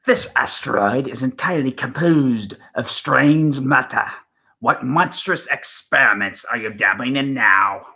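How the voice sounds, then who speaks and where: A man's voice: mid-range voice, unhurried, gravelly, pushed and bright. A man doing an impression of an eccentric male time traveler, delivered theatrically and dramatically. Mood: dramatic. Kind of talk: impression of an actor's performance.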